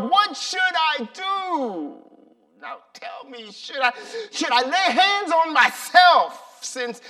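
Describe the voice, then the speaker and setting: A man voicing an eccentric preacher who is praying in anguish, alternately shouting and pleading with God. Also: extremely high pitch, distant mic, pitched above the performer's own voice, heavily acted.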